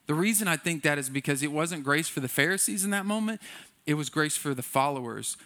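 A male pastor delivers a sermon in a bright, ringing voice pitched a little high. He talks in a loose, conversational way, slipping in jokes and acting out the people he quotes. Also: animated, brisk.

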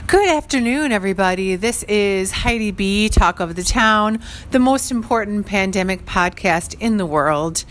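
A woman's voice: mid-range voice, measured pace. Rambling, chatty woman podcast host. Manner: rambling, chatty, often laughing. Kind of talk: casual solo podcast chat. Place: her studio.

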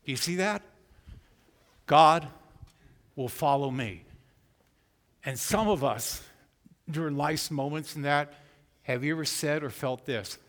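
A man preaching a sermon who acts out voices and swings from loud to hushed. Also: on the high side, takes it slowly, long pauses, in a large hall. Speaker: pastor. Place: church.

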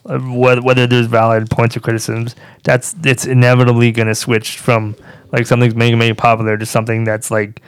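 A man co-hosting a podcast in casual banter, halting and restarting his sentences. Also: mid-range voice, monotone, clean tone. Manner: halting, restarts often, says "man" and "yeah". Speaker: podcast co-host.

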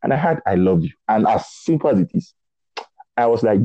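A young man from Nigeria sharing a personal faith testimony in conversation, animated and acting out dialogue. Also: on the low side, fairly quick, no room sound. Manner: animated storytelling, acts out dialogue, repeats words. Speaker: guest preacher. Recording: dull lo-fi dry sound.

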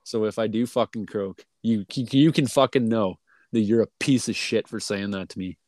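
A man's voice: fairly low pitch, normal speed, darkish tone, no room sound. A man on a podcast talking casually, blunt and heavy on swearing, who says he isn't feeling well. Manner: blunt, profane, venting. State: feeling unwell. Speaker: podcast co-host.

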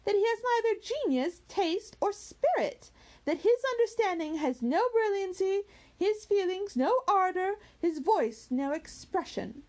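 A woman voicing an impetuous, passionate young woman who speaks with excited scorn. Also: a little high, moderate pace, few pauses, close to an everyday voice. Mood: scornful.

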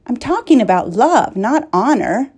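A woman's voice: fairly high pitch, big pitch swings, measured pace, darkish tone, slightly rough, pitched above the performer's own voice, exaggerated voice. A woman voicing a passionate young princess. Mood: pleading. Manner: pleading, emotional.

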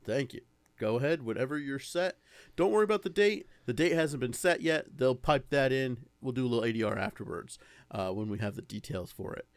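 A man's voice: mid-range voice, lively intonation, fairly quick, no room sound. A man directing a recording session in a comic sketch, rambling and coaxing in a patient way. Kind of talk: comedic improvised sketch.

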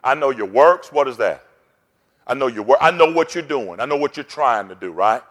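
A man's voice: mid-range voice, animated, normal speed, fairly bright tone. A pastor preaching a sermon, rousing and call-and-response in his delivery. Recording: long hall reverb.

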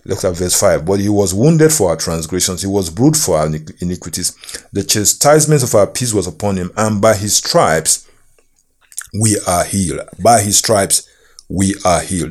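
A man preaching a sermon, slow and emphatic, reading and quoting scripture with measured repetition. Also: fairly low pitch, a little mellow.

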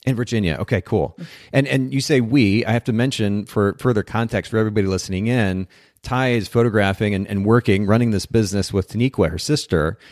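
A man's voice: lowish voice, brisk, a little mellow, dry recording, studio quality. A middle-aged man hosting a podcast interview in a chatty, upbeat way, often restarting his phrases. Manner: upbeat, chatty, self-correcting. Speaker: podcast host.

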